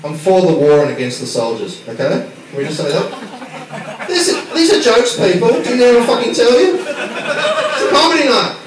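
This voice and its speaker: Casting note: high, lively Australian man, brash swearing comic working the room, distant and echoey with crowd noise. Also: moderate pace. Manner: brash, sweary, teasing the audience. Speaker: stand-up comedian. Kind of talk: stand-up routine with crowd work. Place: small comedy bar. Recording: echoey club from far off, crowd laughter.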